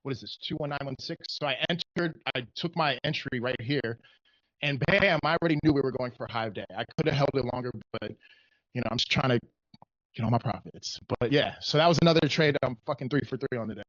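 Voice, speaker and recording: A man's voice: medium pitch, fast, fairly bright tone, dry recording. A man in a casual trading livestream, walking through his chart loosely and swearing now and then. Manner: loose, swears freely, thinks aloud. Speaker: day trader sharing his chart. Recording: dull lo-fi dry call audio.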